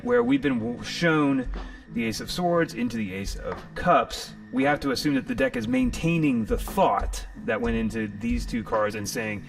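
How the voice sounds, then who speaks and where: Gravelly, animated male tarot streamer. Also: mid-range voice, distant mic. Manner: animated, rambling, jokey and profane. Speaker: tarot reader and stream host. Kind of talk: live-streamed tarot reading.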